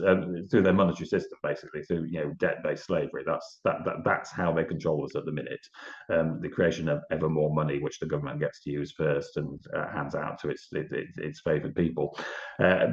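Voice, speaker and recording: Fast-talking, deep-voiced British man. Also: a little mellow. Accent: British English. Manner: earnest, quick, with many restarts. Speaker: political party guest. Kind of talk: conversational interview. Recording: echoey, dull lo-fi audio.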